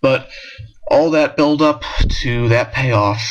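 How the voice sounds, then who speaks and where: A man's voice: medium pitch, slow, muffled recording. A man giving a casual, rambling spoken review of a comic chapter, with frequent restarts and filler words. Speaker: manga discussion vlogger.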